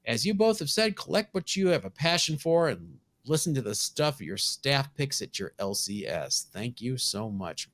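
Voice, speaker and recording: A male podcast co-host chatting with enthusiasm and quick banter. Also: mid-range voice, sing-song, a bit bright. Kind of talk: casual chat.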